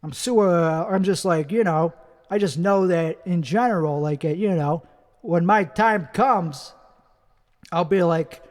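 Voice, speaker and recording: Brash high-voiced man ranting profanely. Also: unhurried, in a large hall. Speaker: comedian. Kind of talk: karaoke singing and crude comic rant. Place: karaoke bar.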